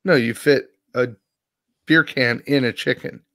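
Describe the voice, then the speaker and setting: A man co-hosting a podcast, telling a long rambling story full of swearing. He is sore and worn out after a rough day. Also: medium pitch, unhurried, fairly bright tone, no echo, studio quality. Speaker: podcast co-host. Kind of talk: casual podcast chat.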